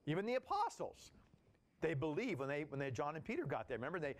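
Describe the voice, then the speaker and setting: A man leading a Bible study, teaching in a lively, casual way and acting out the people in the story. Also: a little high, a little fast. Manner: animated, acts out voices of people in the story, casual slang.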